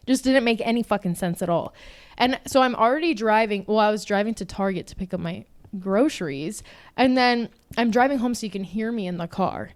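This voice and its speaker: Animated young woman telling a story. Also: mid-range voice, a little fast. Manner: animated, acts out voices while telling stories. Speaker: podcast co-host. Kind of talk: casual storytelling chat.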